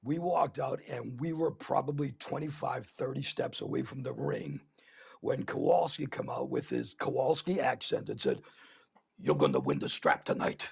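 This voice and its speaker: A man's voice: medium pitch, normal speed, vocal fry, darkish tone, husky. A man hosting a casual podcast, telling rambling anecdotes full of fillers. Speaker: podcast host. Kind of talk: casual chat, storytelling.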